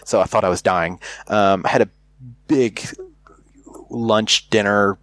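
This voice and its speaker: A man's voice: lowish voice, fairly even intonation, moderate pace, fairly bright tone, no room sound. An American man telling a candid story in casual chat, rambling with many fillers and restarts. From United States.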